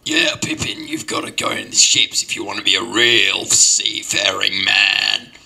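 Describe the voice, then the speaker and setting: A loud old grandfather booms his advice, as a man puts him on. He starts on a raised, high note and then drops into a gruff lower bark. His tone stays bright and insistent. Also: huge pitch swings, measured pace, full character voice, low-quality recording. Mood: hearty. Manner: booming and insistent.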